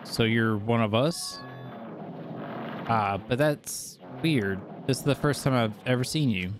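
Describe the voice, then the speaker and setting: A man's voice: medium pitch, a little slow, over music, lightly acted. A man reading Nagito, the eager lucky boy. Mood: curious. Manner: overfamiliar, rambling, eager. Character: cheerful unsettling teenage boy obsessed with luck.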